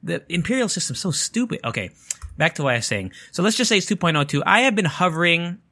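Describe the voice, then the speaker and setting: A man's voice: on the high side, big pitch swings, quick pace, sharp tone. A man chatting casually to viewers at home, rambling and joking, swearing freely and smoking as he talks. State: smoking while talking. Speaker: vlogger.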